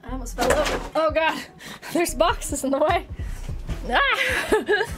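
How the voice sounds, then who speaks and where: Giggly high-voiced woman streamer. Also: normal speed, over music. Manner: giggly, chatty asides and playful exclamations. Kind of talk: reading a visual novel game aloud on a live stream.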